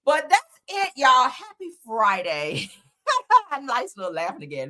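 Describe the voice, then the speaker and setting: Bright-voiced sassy gossip host woman. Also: medium pitch, sing-song, moderate pace. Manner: sassy, chatty, calls audience girl and honey. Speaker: live show host. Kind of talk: casual gossip chat.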